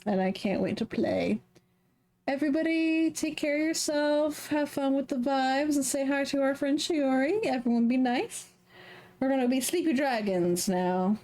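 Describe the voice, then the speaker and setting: Chatty woman streamer, kinda high voice, rambly and goofy, desk mic at home. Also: normal speed, darkish tone. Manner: rambling, playful, self-mocking. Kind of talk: casual stream chat.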